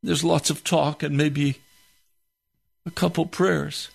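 A man praying aloud, pleading and heavy-hearted in a slow, impassioned spoken prayer. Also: on the high side, steady tone, gravelly, husky.

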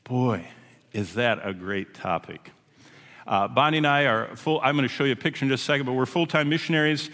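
A man's voice: mid-range voice, a little fast, fairly bright tone. A man who is a traveling missionary preaching a sermon to a congregation, telling stories in a folksy, chatty way with asides to the audience. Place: church or meeting hall with a congregation. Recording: long hall reverb.

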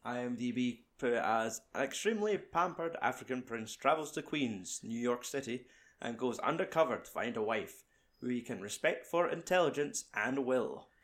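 A young man hosts a relaxed film chat, swearing freely and joking with his mate. His voice sits at an ordinary middle pitch. He reads the cast list off in an easy, conversational way. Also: normal speed. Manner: sweary, banter-filled. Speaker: podcast host.

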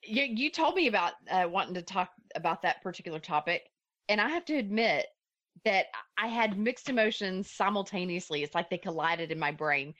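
A woman's voice: medium pitch, animated, a little fast, fairly bright tone, no echo, highs cut off. A woman co-hosting a relationship podcast, giving frank, down-to-earth advice in a casual chat. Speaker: podcast co-host.

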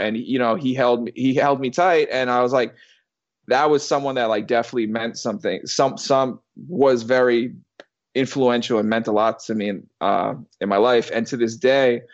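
A man in his thirties tells a long personal story in a loose, rambling way, circling back through restarts and the occasional curse. His voice sits at an ordinary middle pitch. The recording sounds slightly dull and lo-fi. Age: 30s. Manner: rambling, with many restarts and swearing. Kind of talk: casual storytelling.

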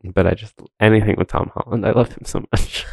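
A man's voice: on the low side, fairly even intonation, fairly quick, creaky, slightly rough, no echo. A man co-hosting a podcast, recapping a film in rambling casual chat full of fillers and laughs. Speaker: podcast co-host.

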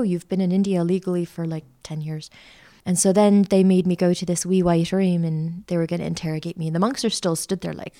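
A middle-aged woman, a podcast guest telling a lively travel story with lots of fillers. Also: on the low side, brisk, few pauses. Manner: chatty, animated anecdote-telling with many fillers. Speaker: interview guest, art school founder. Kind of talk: casual storytelling.

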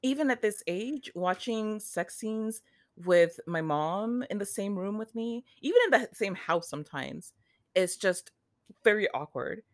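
A woman's voice: medium pitch, expressive, measured pace. A woman chats as a podcast guest, playfully dramatic and mock-bossy. Her voice sits in the middle range and is recorded dry, with no room echo. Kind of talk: casual chat.

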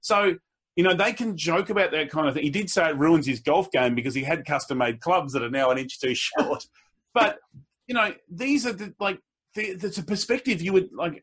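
A man, a public speaker, telling anecdotes in a relaxed conversation, with a husky voice. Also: moderate pace. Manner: storytelling, slips into quoted voices with pitch jumps. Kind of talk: casual conversation.

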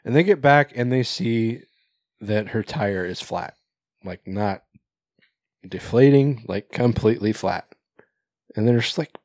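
A man's voice: fairly low pitch, measured pace, pauses often, darkish tone, no echo, clean studio sound. Laughing, rambling man recapping a movie. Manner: rambling, swears, laughs often, acts out quoted characters. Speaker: podcast co-host. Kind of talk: casual movie recap chat.

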